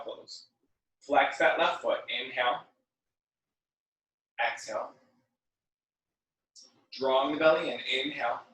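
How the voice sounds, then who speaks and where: Echoey, slow-paced male workout instructor. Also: mid-range voice. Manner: calm breath cues mixed with chatty, joking asides. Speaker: fitness and yoga instructor. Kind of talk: guided workout class. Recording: very echoey room, mic at a distance.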